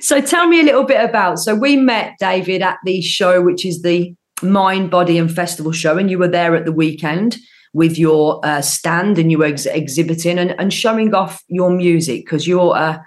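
A woman's voice: fairly low pitch, normal speed. A woman with a Birmingham accent hosting an interview show, speaking in a gushing, emphatic way with frequent restarts. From Birmingham, England. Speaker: podcast host. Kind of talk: effusive interview chat.

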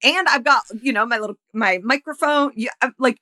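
A woman's voice: a little high, dry recording, studio quality. A young woman co-hosting a podcast, chatting casually and expressively with frequent laughter. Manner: expressive, quick-witted, laughing. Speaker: podcast co-host. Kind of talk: casual chat recapping a film. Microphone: podcast microphone with ring light.

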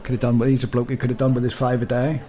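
A man's voice: medium pitch, little pitch movement, very fast, warm tone. A man with a British accent, co-hosting a podcast in casual chat, rambling and restarting his sentences with frequent laughs. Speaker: podcast co-host.

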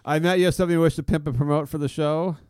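A man's voice: on the high side, steady tone, racing, a little mellow, clean tone, dry recording, studio quality. A man hosting a comedy podcast, crude and joking, laughing often and restarting his sentences. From Alaska. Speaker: podcast host. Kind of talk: casual comedic chat.

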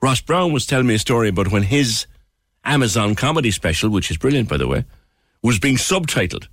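A man's voice: medium pitch, very animated, brisk, no echo, studio quality. A man with an Irish accent, a radio host chatting in an exasperated, scathing way. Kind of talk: opinionated radio chat.

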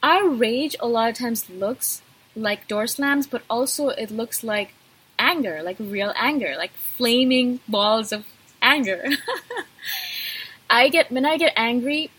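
A woman's voice: on the high side, animated, slow, a bit bright, slightly rough, low-quality recording. A woman vlogger talking straight to her viewers in an intense, passionate way. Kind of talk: direct-to-camera talk.

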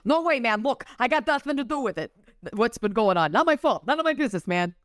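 A woman's voice: fairly high pitch, expressive, fast talker, dry recording, studio quality, pitched above the performer's own voice, natural voice. A woman voicing a sweaty, evasive little male con man with a Long Island accent, whining and protesting. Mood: defensive. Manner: whiny, protesting, defensive.

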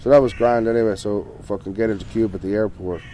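An Irish man with a lowish voice tells a story in loose, casual talk. He rambles from one thing to the next and swears constantly. There is a faint hiss of noise in the background. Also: fairly even intonation, fast talker, dark tone, poor audio. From Ireland. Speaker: interview guest.

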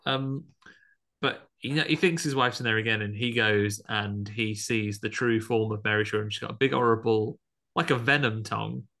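A man chats through a horror film's plot as a podcast co-host, his voice gravelly with fry at the ends of phrases. His tone is bright and forward, and he slips into quick put-on voices for the characters. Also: lowish voice, steady tone. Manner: chatty, acts out quoted lines with bursts of voices. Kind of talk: casual chat recapping a film.

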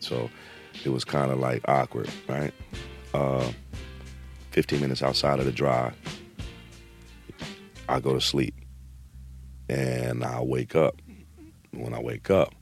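A middle-aged man casually telling a story, animated and slangy, acting out quotes. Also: rumbling low, vocal fry.

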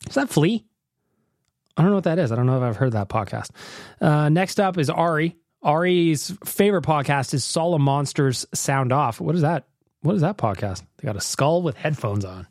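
A man's voice: fairly high pitch, a little fast, no echo. Guy hosting a podcast, laughs a lot, kinda joking, dry close sound. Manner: jokey, laughs often, lively. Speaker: podcast host. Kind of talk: casual podcast chat. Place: Edmonton.

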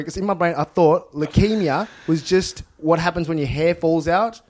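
A man's voice: fairly high pitch, normal speed, a little mellow. A man co-hosting a loose comedy podcast, telling rambling anecdotes and laughing often. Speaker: podcast co-host.

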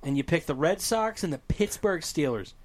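A man's voice: fairly high pitch, lively intonation, moderate pace. A man hosting a casual podcast chat, teasing and joking with his guests. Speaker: podcast host.

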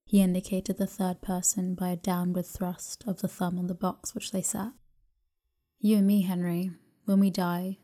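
A woman reading a classic novel aloud as a calm bedtime story, soft and unhurried, slipping into whispers at times. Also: fairly low pitch. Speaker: narrator.

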